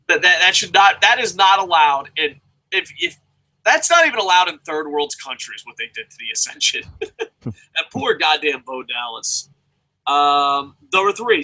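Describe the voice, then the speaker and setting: A man giving a casual, profane, animated rant as a wrestling commentator. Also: fairly high pitch, low-quality recording.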